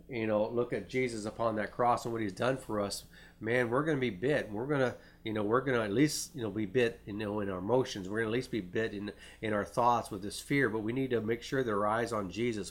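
A middle-aged man preaching a sermon in an earnest way, often restarting phrases and reading scripture aloud. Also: lowish voice.

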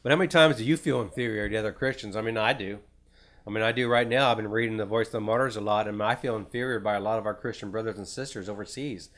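A man's voice: fairly low pitch, quick pace, a bit bright. A man preaching an informal Bible teaching, rambling, repeating words and restarting his sentences.

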